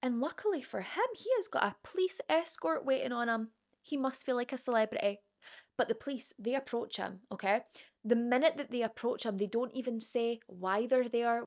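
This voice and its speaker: A woman telling a true crime story in a casual, chatty way, with conversational asides to the viewer. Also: on the high side.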